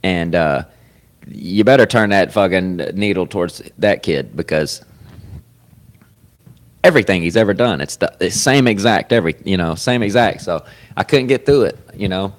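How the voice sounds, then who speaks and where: Low-voiced man in profane rambling chat. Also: animated, moderate pace. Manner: profane, rambling, swings loud with sudden laughs. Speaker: podcast host. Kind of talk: casual chat. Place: comedy club.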